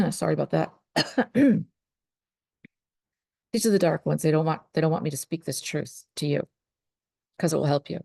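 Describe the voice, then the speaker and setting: A woman's voice: deep voice, fairly even intonation, moderate pace, vocal fry, long pauses, dark tone, dry recording, clean studio sound. A woman, a spiritual life coach, talking earnestly to her viewers about trust and surrender. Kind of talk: motivational talk to camera.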